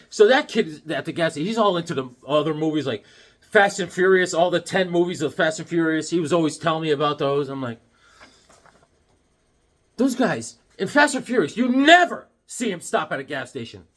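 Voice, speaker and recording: A fairly quick man with a fairly high pitch relates a childhood story in a casual way, showing comics from his collection. His telling is animated, full of acted-out yelps and other voices.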